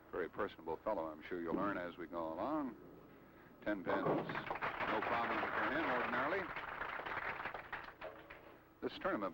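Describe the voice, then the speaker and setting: A man hosting a televised bowling show, introducing the players with an upbeat announcer's manner and then calling the play. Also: low-pitched. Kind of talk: TV sports commentary. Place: bowling alley. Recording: noisy old TV broadcast.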